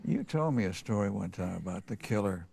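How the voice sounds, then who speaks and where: A man hosting an interview, asking relaxed prompting questions. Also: on the low side, a little fast, vocal fry, husky. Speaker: interview host.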